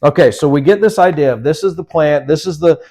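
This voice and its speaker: Leading a Bible study in Sunday School, this man speaks with a slightly high, somewhat mellow voice. His delivery is chatty and halting, with many restarts and self-corrections, and he performs the voices of those he quotes.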